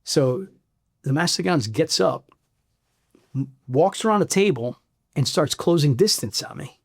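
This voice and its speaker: A middle-aged man from Chicago's South Side tells a story in an interview. His voice sits a little high for a man, and his delivery is blunt and animated. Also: measured pace, vocal fry, breathy edge. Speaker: former Marine master sergeant, guest.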